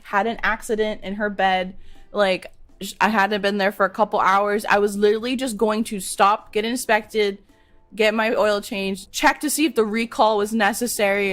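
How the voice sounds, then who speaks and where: A woman's voice: medium pitch, a bit bright. A young woman telling a long story in a casual, rambling way, full of slang, swearing and filler words as a VTuber streamer.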